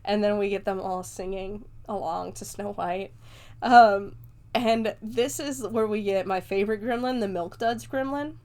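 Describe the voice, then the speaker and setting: Young woman, podcast host, casual movie recap, chatty, mid-pitched voice. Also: a little slow, darkish tone. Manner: chatty, many fillers and casual swearing.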